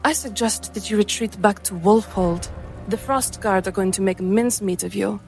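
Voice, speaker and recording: A woman's voice: mid-range voice, normal speed, soft background music, natural voice. Woman playing a smug, silky woman mage. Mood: mocking. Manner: silky and condescending.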